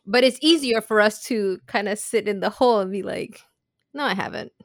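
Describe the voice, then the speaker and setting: A woman's voice: mid-range voice, brisk, no room sound, studio quality. A woman co-hosting a podcast in casual chat, upbeat and conversational, often checking in with "right?". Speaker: podcast co-host.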